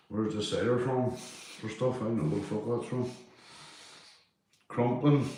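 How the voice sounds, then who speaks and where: Man, lowish voice, casual rambling stream chat, heavy room echo. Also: measured pace, pauses often, warm tone. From Northern Ireland. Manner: rambling, swears, local slang. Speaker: auditor streamer chatting with viewers.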